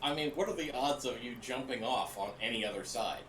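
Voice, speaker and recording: A man's voice: medium pitch, brisk, a bit bright. Dry, sarcastic man on an echoey mic. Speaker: player. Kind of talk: casual gaming chat. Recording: echoey, distant, noisy mic.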